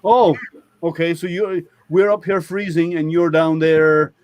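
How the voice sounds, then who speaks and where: A man's voice: a little high, fairly even intonation, unhurried, darkish tone. A man hosting a casual online maker hangout, chatty and laughing often, trailing off with ums. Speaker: host of a maker hangout stream. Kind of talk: casual chat.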